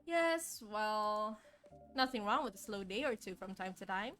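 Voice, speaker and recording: A woman's voice: medium pitch, animated, unhurried, a bit bright, faint music behind. A woman reading a polite chatty barista. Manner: courteous, chatty, earnest. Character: polite barista running a café. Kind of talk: streamer voicing game dialogue.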